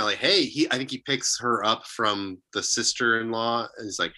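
A man's voice: mid-range voice, animated, normal speed, few pauses, sharp tone. A single man guesting on a podcast, telling wry anecdotes in a casual chat.

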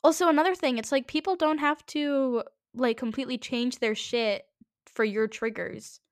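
A woman's voice: high voice, fairly even intonation, normal speed, dry recording, studio quality. A woman hosting her own podcast, talking in a chatty, rambling, jokey way. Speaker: podcast host. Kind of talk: casual rambling podcast monologue.

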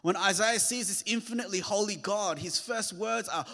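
A man's voice: high-pitched, fast, hardly any pauses, fairly bright tone. A man preaching a sermon, earnest and rising to emphatic peaks. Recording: long hall reverb.

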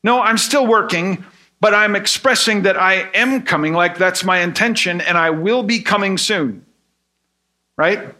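A man's voice: sits high, measured pace, sharp tone. A man preaching a sermon in an earnest tone. He explains with everyday examples and asks rhetorical questions. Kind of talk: sermon teaching.

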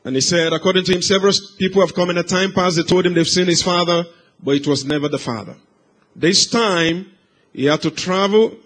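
A man preaching, telling a life story as a sermon, swinging from hushed, slow passages to loud, raised cries. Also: high-pitched. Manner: dramatic swings from hushed to shouted.

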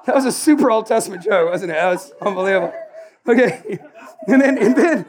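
A man preaching a sermon in a casual, animated way, joking and acting out Bible characters. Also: high-pitched, moderate pace, noisy background.

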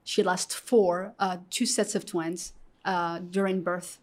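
A woman's voice: fairly low pitch, slow pace. A middle-aged woman from Morocco, speaking as an interview guest, telling her personal story candidly and acting out the voices of people she quotes. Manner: animated, acts out quoted voices, fillers like "you know".

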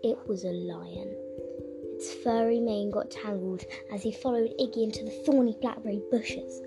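A woman narrating a children's audiobook in a playful, expressive way. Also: medium pitch, moderate pace, gravelly. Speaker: storyteller. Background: music.

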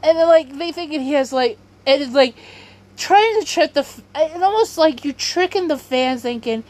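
A woman's voice: high-pitched, expressive, moderate pace, darkish tone. A woman hosting a podcast, rambling in casual commentary, often stopping herself mid-sentence and laughing. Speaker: podcast host.

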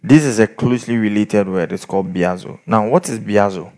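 A man's voice: fairly low pitch, fairly quick, few pauses. A man preaching a sermon, telling stories and acting out the people in them. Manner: animated storytelling, acts out quoted people.

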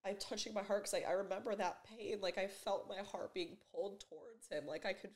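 A woman in her twenties talking in a personal confessional vlog in her bedroom, emotional and halting, with many fillers and restarts. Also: mid-range voice, fairly even intonation. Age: 20s. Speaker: vlogger. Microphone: camera mic.

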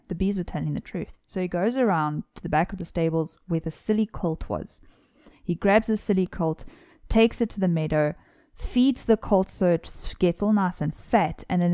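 Mellow-voiced young woman retelling a folk tale. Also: on the low side, no room sound. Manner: animated retelling with playful asides. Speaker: podcast co-host.

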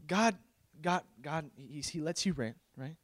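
A young male pastor preaching a casual, emotional sermon, moving from loud pleading to quiet confiding, with slang in his talk. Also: on the high side, expressive, measured pace. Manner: casual, uses slang like bro.

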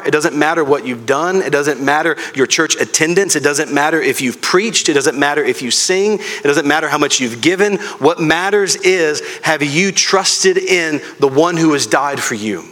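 A man's voice: fairly high pitch, fairly bright tone. Earnest male pastor preaching. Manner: earnest, speaks to the congregation directly. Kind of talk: sermon.

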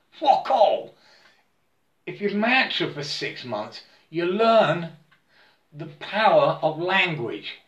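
Speaking in a fairly high, somewhat bright voice, a man drifts through a rambling spiritual talk, stumbling over words, repeating himself, and often asking "yeah?" to his listener. The room adds a noticeable echo.

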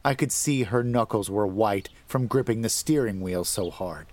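A man narrating a scripted horror story in a measured, dramatic way that rises to tense emphasis. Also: lowish voice, darkish tone.

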